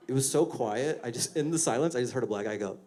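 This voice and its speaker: A man's voice: medium pitch, quick pace, warm tone. A man doing stand-up on stage before a live audience, talking in a conversational, self-mocking way with punchy jokes. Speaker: stand-up comedian. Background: audience laughter.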